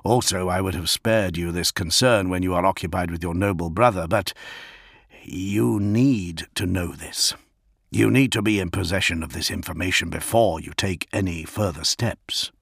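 A man voicing a grave, measured aide who speaks slowly and formally. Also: low-pitched, creaky, a bit bright, breathy edge, no room sound, clean studio sound, full character voice. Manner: slow, deliberate, formal. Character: grave male alien-featured aide, measured and solemn.

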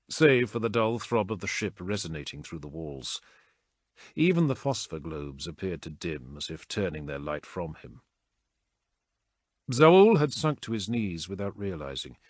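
Low-voiced man narrating dramatically. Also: dry recording, clean studio sound. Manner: measured, dramatic storytelling. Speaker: audiobook narrator. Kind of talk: scripted narration.

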